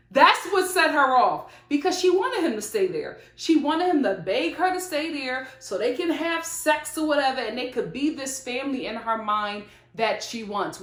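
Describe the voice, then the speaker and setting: A woman with a fairly high voice delivers opinionated reality TV commentary, colloquial and emphatic. She talks straight to the people on the show. Her voice carries a noticeable roomy echo. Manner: blunt, talks straight to the show's cast. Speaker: reality TV reviewer. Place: home filming setup with studio lights.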